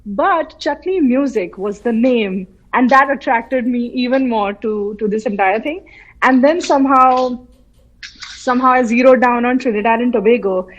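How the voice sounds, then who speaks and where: A woman from central India speaks as an interview guest on a remote call, her voice sitting a little high. She tells her story with lively animation and acts out the voices she remembers. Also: moderate pace, lo-fi sound. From Madhya Pradesh, India. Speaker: guest, film artist. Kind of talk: casual interview. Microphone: remote call from her home city.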